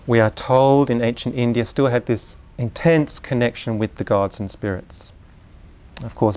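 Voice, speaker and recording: A man's voice: on the low side, darkish tone. A man giving an informal talk to an audience of parents, explaining ideas through examples and asides to the listeners. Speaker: speaker on Waldorf education.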